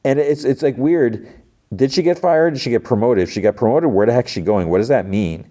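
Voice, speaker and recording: A man's voice: mid-range voice, a little fast, dark tone. A man hosting a podcast, casually retelling TV episodes in a rambling way, full of fillers. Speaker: podcast host.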